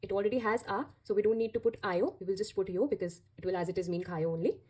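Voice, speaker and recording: Mellow, husky woman teaching. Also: mid-range voice, fairly even intonation, quick pace. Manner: patient, repeats and spells out each step. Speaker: Korean language teacher. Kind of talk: explanatory language lesson.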